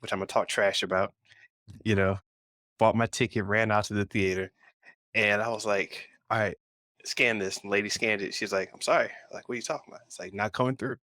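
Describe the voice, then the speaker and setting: A man's voice: lowish voice, brisk, dry recording. A man co-hosting a pop culture podcast, telling a rambling story in casual chat. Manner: rambling storyteller, animated retelling. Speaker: podcast co-host.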